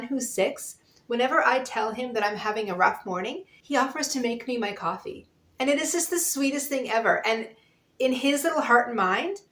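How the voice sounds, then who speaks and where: A woman's voice: on the high side, a bit bright. A woman in her thirties, a homeschool mom talking earnestly and candidly to her viewers, laughing now and then. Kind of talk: encouraging talk to camera. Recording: echoey room.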